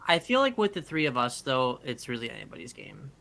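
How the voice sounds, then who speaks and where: A young man co-hosting a casual podcast, telling a story in an animated way with some swearing. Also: medium pitch, a little fast, creaky. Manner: animated, swears, acts out quoted voices. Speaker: podcast co-host.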